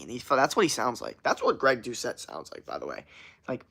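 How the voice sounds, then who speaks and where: A man's voice: mid-range voice, expressive, brisk, fairly bright tone. Rambling, profane young man streamer. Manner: rambling, profane, slangy, laughs often. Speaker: streamer answering chat. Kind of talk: casual livestream chat.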